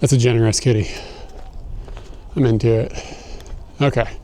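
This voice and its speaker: A man's voice: mid-range voice, steady tone, normal speed, mellow, a little hiss or hum. A young man livestreaming as he walks through a snowy park outdoors, a bit out of breath, swearing and laughing as he rants casually to his chat. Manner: profane, laughing, ranting. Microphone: phone carried while walking. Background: faint outdoor ambience.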